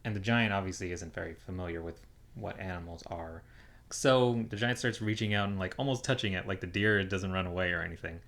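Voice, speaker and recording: Low-voiced man recapping a film casually. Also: a little fast. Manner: relaxed, filler-heavy retelling. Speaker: podcast co-host.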